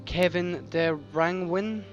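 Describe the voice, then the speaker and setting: A man hosting a game commentary, excitable and swearing at the screen. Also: sits high, takes it slowly. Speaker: host. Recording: dull mic with game music.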